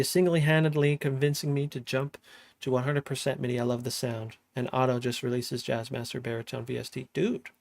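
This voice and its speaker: A young man chatting casually on a livestream as he makes music, slangy and relaxed, often laughing. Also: medium pitch, creaky, dry recording. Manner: laid-back, slangy, laughs often, talks while working. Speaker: music producer streaming. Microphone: studio microphone.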